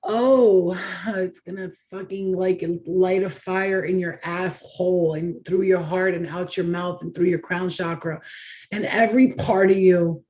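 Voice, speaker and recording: A woman's voice: lowish voice, steady tone, a little slow, a little mellow. A woman giving a channeled tarot reading, talking in an effusive, emotional and dramatic way, with the odd swear word. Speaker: tarot reader.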